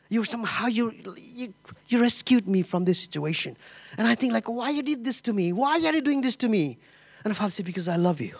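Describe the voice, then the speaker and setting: High-pitched male pastor preaching with emotional, stumbling storytelling. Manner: emotional, laughing, animated storytelling with repetitions. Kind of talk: sermon.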